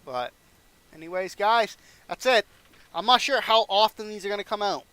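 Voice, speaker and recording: A man's voice: sits high, normal speed, pushed and bright, clean tone, no echo. A young man casually narrating a wrestling management game playthrough, rambling and acting out characters' lines. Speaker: gaming channel host.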